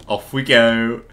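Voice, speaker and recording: A young man co-hosting a game playthrough, chatting excitedly and swearing as he plays. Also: medium pitch. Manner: excitable, swears and laughs often. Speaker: gaming video co-host. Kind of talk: casual gameplay banter.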